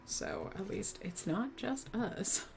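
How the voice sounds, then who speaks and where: A woman's voice: mid-range voice, huge pitch swings, slow, creaky, music in the background. A woman player in a tabletop game, talking casually about her plans.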